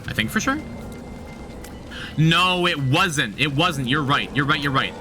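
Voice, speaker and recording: A man's voice: fairly high pitch, lively intonation, measured pace, sharp tone, faint music behind. A man streaming a game, chatting casually, thinking aloud, repeating himself and talking to his chat. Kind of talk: casual gameplay commentary.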